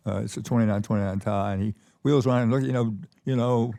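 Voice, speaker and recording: A man's voice: mid-range voice, fast, creaky, hardly any pauses, mellow. An older man telling stories as a conference keynote guest, rambling with many restarts. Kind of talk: conversational storytelling. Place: conference stage.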